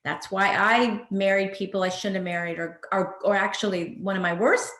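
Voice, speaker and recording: A woman's voice: mid-range voice, steady tone, normal speed, fairly bright tone. Older woman therapist in a roomy space. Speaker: psychotherapist guest. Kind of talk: counseling-style talk show chat. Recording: roomy echo.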